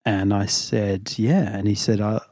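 A man co-hosting a podcast, his voice a little raspy after a long day, talking in a rambling, casual way and laughing often. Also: lowish voice, moderate pace, a little mellow, no room sound, studio quality. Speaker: podcast co-host. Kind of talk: casual chat.

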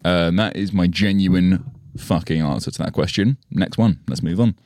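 A man's voice: deep voice, normal speed, darkish tone, no room sound, studio quality. A young man co-hosting a podcast, rambling, self-deprecating and swearing freely in casual banter. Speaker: podcast co-host, actor.

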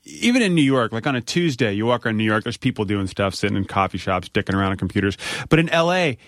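Animated man telling a story. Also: on the low side, fast, dry recording, clean studio sound. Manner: animated storyteller, swears freely. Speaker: podcast host. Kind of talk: casual podcast chat, storytelling.

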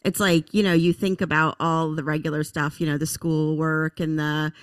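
A woman in her forties hosting a podcast, chatty and halting, with many fillers. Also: sits low, level tone, clear, resonant tone, dry recording, studio quality. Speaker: host. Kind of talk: casual conversation.

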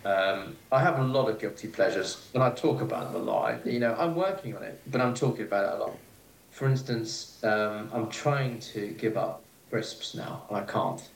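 A man's voice: fairly low pitch, normal speed. Male chef, guest chat; hesitant, laughing, recorded in an echoey room. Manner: rambling, hesitant, laughs easily. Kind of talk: casual interview chat. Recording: echoey room with faint noise.

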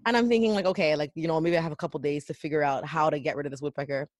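A young woman co-hosting a podcast, chatting casually and acting out quotes in a loud, animated way. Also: low-pitched, racing, no echo, clean studio sound. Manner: animated storyteller, acts out quotes loudly. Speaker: podcast co-host. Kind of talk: casual chat.

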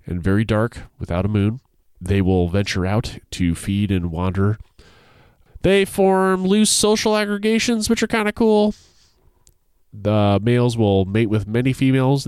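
A man's voice: medium pitch, darkish tone, clean tone, dry recording. A man co-hosting a podcast, presenting a segment in a casual, playful way, laughing often and reading excerpts aloud. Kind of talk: casual chat.

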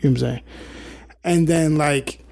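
Gravelly-voiced man co-host, stammering. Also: fairly high pitch, normal speed, darkish tone. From New York. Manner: stammering restarts, earnest and explaining. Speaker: podcast co-host. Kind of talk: casual opinion chat.

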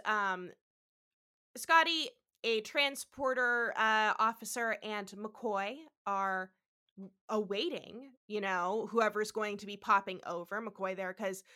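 Woman podcast co-host, high bright voice, excitable, sweary, casual episode recap. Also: clear, resonant tone. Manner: excitable, swears, laughs, acts out quotes.

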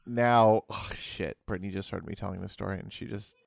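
A man's voice: lowish voice, fairly even intonation, brisk, vocal fry, no echo. Young guy on a podcast, rambles thru a story, keeps restarting, dry close mic. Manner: rambling, self-interrupting storyteller. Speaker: podcast co-host. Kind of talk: casual storytelling chat.

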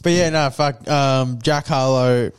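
A young man co-hosting a podcast, his voice sitting in an ordinary middle pitch. He rambles through crude casual banter, full of fillers and slang. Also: fairly even intonation, unhurried, smooth. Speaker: podcast co-host.

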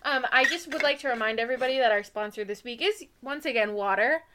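A young woman co-hosting a podcast in casual chat, excitable and rambling, laughing often. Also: on the high side, quick pace, background noise. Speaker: podcast co-host.

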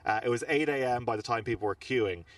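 An Irish man, a reporter and podcast co-host, telling animated, rambling stories from a trip, recorded outside a large building. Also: medium pitch, fast, no echo, distant mic. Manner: animated, rambling anecdotes with fillers. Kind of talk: casual on-location storytelling. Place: outdoors in front of a large government building.

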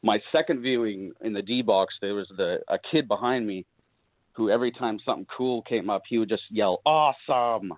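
A man chatting as a guest, speaking thoughtfully and hesitantly, often clearing his throat. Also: fairly low pitch, fairly quick, no echo. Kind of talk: casual chat over a call. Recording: tinny call audio, dry.

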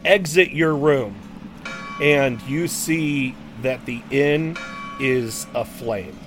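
A man's voice: mid-range voice, over music. A man narrating a tabletop game as game master, with many fillers and restarts. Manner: halting, frequent fillers and laughs.

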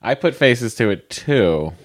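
A man's voice: medium pitch, animated, measured pace. A man co-hosting a casual chat show, joking and teasing with playful asides. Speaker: podcast co-host.

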